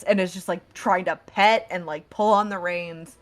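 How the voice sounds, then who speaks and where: A woman narrating as game master of a tabletop game, unhurried, with many fillers and restarts. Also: fairly low pitch, steady tone, soft background music.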